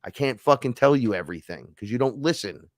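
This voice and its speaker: A man voicing his tall male higher self, a blunt spirit who lectures and swears. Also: expressive, brisk, no room sound, clean studio sound, lightly acted. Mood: lecturing.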